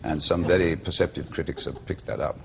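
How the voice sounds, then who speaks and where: A middle-aged Welsh man and actor, telling stories in a slow, measured, eloquent way as a talk show guest. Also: extremely low pitch, steady tone, fairly bright tone, slight background noise. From Wales.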